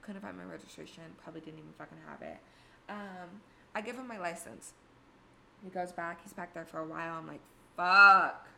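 A woman's voice: lowish voice, fairly quick, vocal fry, fairly bright tone, a little hiss or hum. A young woman telling a personal story in a candid, profane, self-mocking way. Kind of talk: casual storytime monologue.

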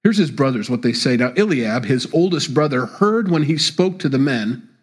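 A male pastor preaching a sermon, with animated delivery and sudden jumps in pitch on key words. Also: moderate pace, breathy edge.

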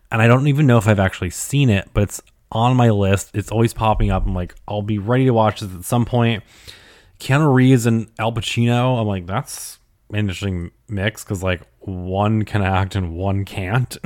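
Young male podcast host, lowish voice, dry close sound, chatty and sweary. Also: a little mellow, no room sound. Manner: chatty, profane, opinionated, rambling. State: tired late at night. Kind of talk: solo podcast answering listener questions.

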